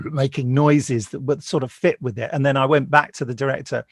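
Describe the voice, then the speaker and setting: A middle-aged man, a voice actor, telling anecdotes on a video call from home. He tells them in a lively way and acts out the voices of the people he quotes. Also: medium pitch, a little fast, dry recording, studio quality. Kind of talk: anecdotal interview chat.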